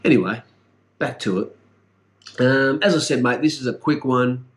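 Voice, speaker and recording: A man's voice: mid-range voice, moderate pace. A middle-aged man with an Australian accent giving a casual, rambling vlog update, blunt and full of swearing and fillers. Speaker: vlogger.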